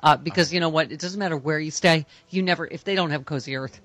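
A woman's voice: low-pitched, fast, fairly bright tone, no room sound. A woman hosting a radio talk show, reading an ad in a loose, joking way. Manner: playful, joking, loose delivery. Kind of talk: casual on-air ad read and chat.

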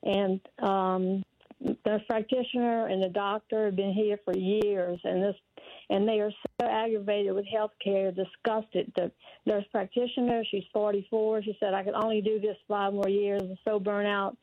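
A woman's voice: mid-range voice, fairly even intonation, unhurried, dry recording. An older woman calling in to a radio show, talking earnestly in long run-on thoughts. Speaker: caller. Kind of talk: call-in radio. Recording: dry tinny phone line.

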